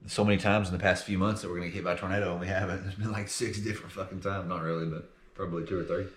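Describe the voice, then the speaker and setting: A man's voice: low voice, little pitch movement, very fast, a bit bright, roomy sound, slight background noise. A young man, co-hosting a podcast in casual chat, laughing often and swearing freely. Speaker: podcast co-host.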